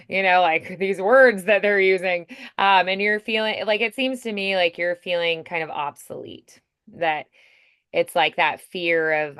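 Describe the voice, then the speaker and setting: A woman's voice: fairly low pitch, steady tone, a little slow, fairly bright tone, clean tone, no room sound, studio quality. A woman coaching a voice acting student in casual, chatty feedback, full of "like" and "you know", often acting out example lines.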